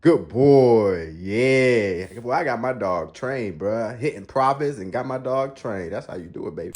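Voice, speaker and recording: Fairly quick and lively in intonation, this man's mid-range voice carries a casual forex trading vlog recorded from his screen. He talks through each trade in a slangy, hyped-up way, laying out risk and reward step by step.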